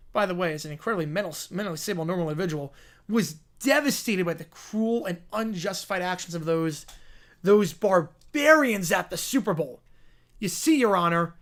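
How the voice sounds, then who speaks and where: A man reading aloud as a bombastic, sleazy male cartoon lawyer, pleading to a jury in a grandiose, mock-dramatic way. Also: sits high.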